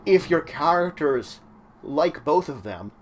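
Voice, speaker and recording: Speaking slowly with lively intonation, the man has a fairly high-pitched voice, and there's slight background noise. He hosts his own channel and gives game-mastering tips in an easygoing, instructional way full of fillers.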